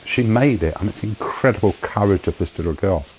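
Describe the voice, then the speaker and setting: A man sharing a personal testimony in a slow, emotional storytelling manner. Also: lowish voice, a little mellow, a little hiss or hum, rough recording. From United Kingdom. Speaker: charity founder giving testimony.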